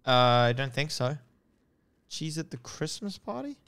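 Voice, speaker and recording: Brief: gravelly gamer voice, lively pitch, relaxed, swears while playing. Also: measured pace. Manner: laid-back, curses while playing. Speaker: streamer playing the game. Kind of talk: casual chat while gaming.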